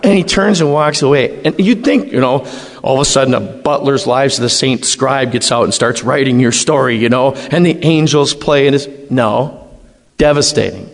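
A man's voice: mid-range voice, normal speed. Middle-aged male priest, emphatic testimony, reverberant hall. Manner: animated, emphatic, acts out dialogue. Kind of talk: personal testimony storytelling.

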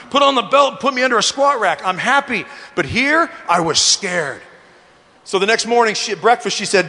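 A man's voice: very high voice, animated, a little fast, bright, forceful tone. A middle-aged man giving an earnest, storytelling talk to a men's gathering, speaking to them directly. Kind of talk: sermon-style testimony. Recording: long hall reverb.

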